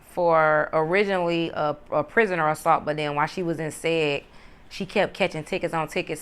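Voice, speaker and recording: A woman who was once in prison, telling her story in a blunt, profane, animated way. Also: deep voice, vocal fry, clean tone. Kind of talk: casual storytelling to camera.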